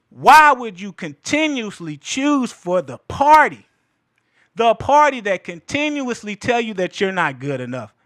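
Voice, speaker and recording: A man's voice: very high voice, pushed and bright, no echo, clean studio sound. A man in his thirties giving heated political commentary in a fervent, preachy manner, repeating phrases for emphasis. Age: 30s.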